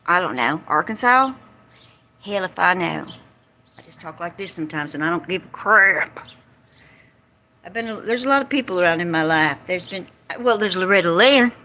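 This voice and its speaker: A woman's voice: on the low side, expressive, normal speed, sharp tone, a little hiss or hum. A woman with a Southern US accent chatting casually on a livestream, joking, folksy and a bit salty. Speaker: vlogger. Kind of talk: casual rambling livestream chat. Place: outdoors by a lake.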